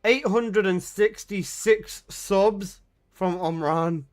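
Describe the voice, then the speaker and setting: A young male streamer speaks slowly to his chat, his voice sitting high and slightly raised, with pauses between bursts. He exclaims, swears freely, and keeps breaking into laughter.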